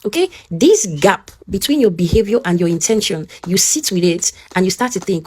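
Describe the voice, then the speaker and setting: Woman, Nigerian English accent, motivational teaching talk, earnest and direct, checks in with listener, middle pitch. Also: lively intonation, a little fast, few pauses, a little mellow, breathy edge.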